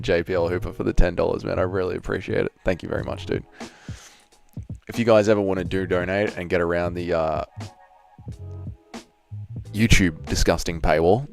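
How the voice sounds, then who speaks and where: A man's voice: deep voice, gravelly. A man from Australia with an Australian accent, hosting a casual livestream, chatting crudely and reading out his chat with lots of swearing. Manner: crude, profane banter, reads out chat. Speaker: streamer.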